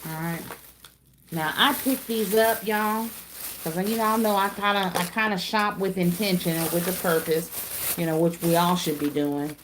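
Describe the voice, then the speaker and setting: Middle-aged woman host, folksy and chatty, slightly low voice, faint hiss underneath. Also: fairly even intonation, moderate pace. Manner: chatty, folksy, calls viewers y'all and darling. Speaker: craft channel host. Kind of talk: casual livestream chat reading comments.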